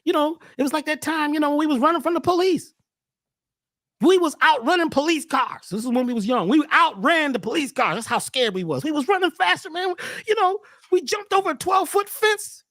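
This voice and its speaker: A man as a podcast guest talking casually in an animated, preachy way, often repeating words as he starts a thought. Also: very high voice, a little fast, no echo.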